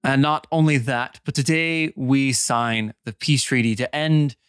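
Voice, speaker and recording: A man's voice: medium pitch, measured pace, fairly bright tone, clean tone, dry recording, studio quality, natural voice. A man voicing a noble who formally presents an airship to a crowd, speaking in a ceremonious, announcing manner. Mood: grand, ceremonious.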